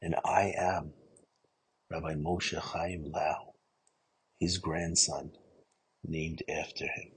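A man giving an earnest storytelling sermon, often dropping to a hushed voice at the emotional moments. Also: a bass voice, level tone, slow pace, long pauses, slightly rough, poor audio.

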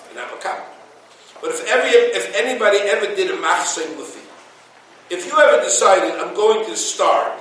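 A rabbi giving a Torah class to a room of listeners, telling stories with quoted dialogue and sprinkling in Yiddish words. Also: male voice, sits high, pushed and bright, slight background noise. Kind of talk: Torah class before a live audience. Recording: echoey room from a distance.

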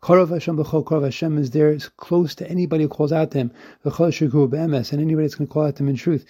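A rabbi teaching a weekly Torah lesson in a dark, husky voice. He talks earnestly, trips over his words and restarts, and reads Hebrew quotes before explaining them in English. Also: fairly high pitch, steady tone, fast.

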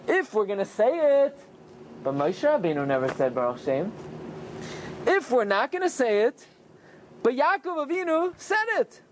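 A man giving an animated Torah class, telling the story with lots of rhetorical questions. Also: very high voice, normal speed, long pauses, a little hiss or hum. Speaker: rabbi teaching Torah.

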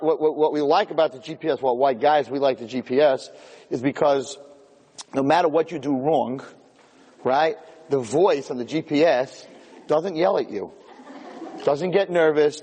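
A man with a voice on the high side speaks fairly quickly, his sound filling a big room. He's a lecturer who gives Torah classes, delivering a humorous talk to an audience as an animated storyteller who acts out the scenes.

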